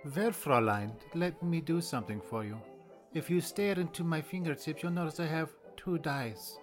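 A player voicing a pompous male doctor with a fake German accent and a hammy, drawn-out delivery. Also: mid-range voice, huge pitch swings, fairly bright tone, soft background music, heavily acted.

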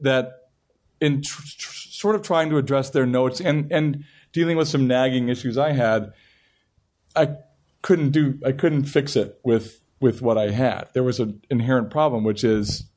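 At a panel interview, a middle-aged television writer and show creator tells a long, rambling story, frequently restarting his sentences. His voice is medium-pitched with a darkish tone.

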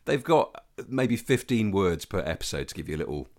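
A man's voice: deep voice, sing-song, a little fast. A man hosting a podcast, asking questions in an enthusiastic, casual way. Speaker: podcast host.

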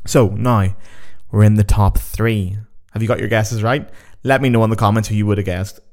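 Sweary, excitable male podcast host. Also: lowish voice, normal speed. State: on a sugar high. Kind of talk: casual podcast chat, game-show countdown.

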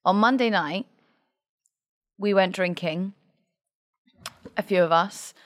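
Irish woman, podcast co-host, chatty and teasing, mid pitch. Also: slow pace, a bit bright. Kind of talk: casual chat.

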